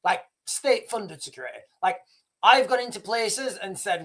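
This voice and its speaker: A man's voice: sits high, sing-song, normal speed, fairly bright tone. A man holds forth on his live stream in a loose, rambling way. He circles back on his words, restarts sentences and lets slip a chuckle at himself. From Britain. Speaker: livestream host. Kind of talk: casual live-stream monologue.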